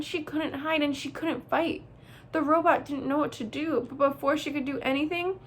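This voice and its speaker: A woman reading a children's novel aloud as host, with expressive storybook narration. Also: high-pitched.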